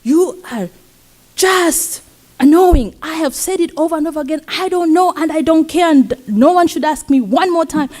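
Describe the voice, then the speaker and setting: A woman's voice: extremely high pitch, steady tone, moderate pace, pauses often, a little mellow, pitched above the performer's own voice. A Kenyan woman acting out a rude, exasperated female airline attendant in a story, with a snapping delivery.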